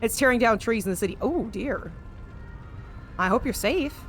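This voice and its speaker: A woman's voice: fairly high pitch, animated, normal speed, fairly bright tone, faint music behind. Chatty American woman streaming a game. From United States. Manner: chatty, reads the game's lines with dramatic emphasis, swears casually. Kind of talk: live game stream, reading game text aloud.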